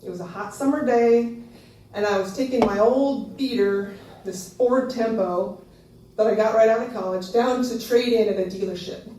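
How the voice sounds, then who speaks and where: Woman in her fifties, live storyteller, animated, laughing, highish voice, echoey room, distant mic. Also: normal speed. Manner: animated, laughing through the telling, squealing high when quoting herself. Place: small live venue with an audience. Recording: echoey venue, voice a bit distant, faint background noise.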